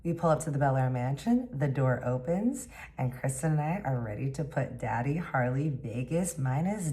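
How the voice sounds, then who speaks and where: Woman vlogger, very deep voice, chatty storyteller quoting everyone. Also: lively intonation, normal speed, dark tone. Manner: chatty, acts out dialogue with lots of "like". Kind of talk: casual storytelling.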